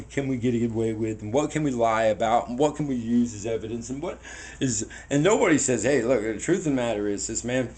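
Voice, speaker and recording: A man in his forties films himself on a handheld camera as he walks outdoors. He talks in a loose, rambling way that turns earnest and preachy, often repeating words as he restarts. His voice sits at an ordinary middle pitch. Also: a little mellow. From United States. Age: 40s. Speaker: vlogger. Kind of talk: casual walking monologue to camera. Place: outdoors on foot. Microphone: handheld camera mic.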